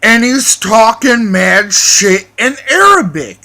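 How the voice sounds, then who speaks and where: A man with a high, bright voice tells a crude story at an unhurried pace. He swears constantly and circles back with restarts and repeated phrases. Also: sing-song. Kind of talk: profane storytelling rant.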